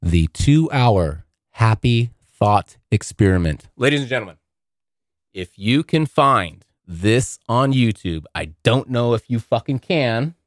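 A man's voice: medium pitch, expressive, slow, dry recording, clean studio sound. A man hosting a podcast, rambling through a casual monologue full of profanity. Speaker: podcast host.

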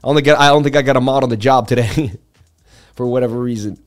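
A man of middle pitch hosts a live stream, running through charts and reading chat at the same time. He talks in a chatty, excitable way and often stops to address his viewers directly. Faint music plays softly underneath his voice. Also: quick pace. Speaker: livestream host.

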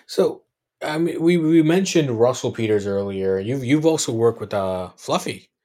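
Male podcast host with an average-pitched voice who asks halting, unhurried questions. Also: lively intonation, mellow. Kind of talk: casual interview chat.

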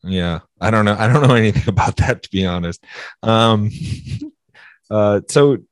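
A man's voice: fairly low pitch, unhurried, no echo, studio quality. A young man co-hosting a casual podcast over a video call, teasing and swearing through laughing rants. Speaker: podcast co-host.

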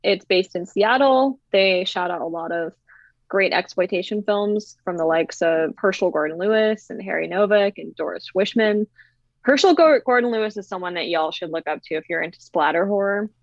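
An enthusiastic woman guest chats casually on a podcast, mixing in laughing asides. Her mid-pitched voice comes across dull and lo-fi. The sound is dry and close. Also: animated, moderate pace, no echo. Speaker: guest producer.

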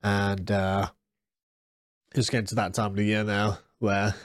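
A man in his thirties hosts a casual solo podcast, rambling with frequent restarts and fillers in a congested, nasal voice. His pitch is fairly low, his tone level, and he talks a little slowly. The recording is dry and clean, studio quality.

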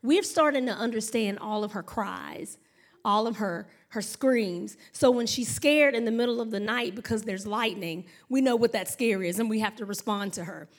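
A woman pastor, preaching in a chatty, story-driven way. Her voice sits high and she talks to the congregation warmly as y'all and honey. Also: moderate pace. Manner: chatty, animated storytelling with laughs and acted-out noises. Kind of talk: sermon.

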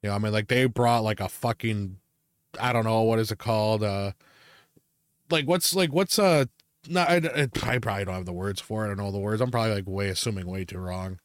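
A man's voice: on the low side, level tone, fast, clean tone, dry recording, studio quality. A young adult man in casual chat, telling rambling stories full of swearing and filler words. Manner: ranting storyteller, heavy swearing and fillers. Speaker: podcast co-host.

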